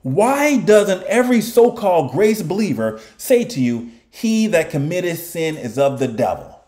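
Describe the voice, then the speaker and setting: A man preaching a sermon in an animated way, often mocking his opponents in put-on voices. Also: high-pitched, unhurried.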